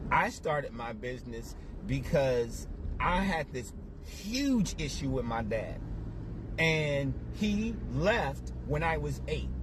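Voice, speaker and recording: A man's voice: on the high side, noisy background. A man giving a live, preachy motivational business talk, repeating his points with emphasis, from his car. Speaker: business coach.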